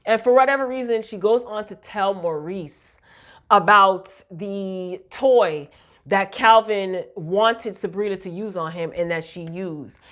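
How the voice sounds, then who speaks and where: A woman talks through a TV episode recap in a loose, chatty way. She is animated and slangy, talking straight to her viewers. Her voice sits at an ordinary middle pitch for a woman. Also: a little slow. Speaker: recap vlogger. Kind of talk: casual TV recap chat.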